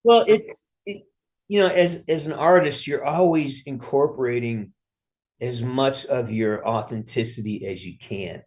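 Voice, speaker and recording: A man's voice: medium pitch, a little slow, darkish tone. A middle-aged man speaking as a guest actor in an interview, rambling with frequent restarts and casual swearing.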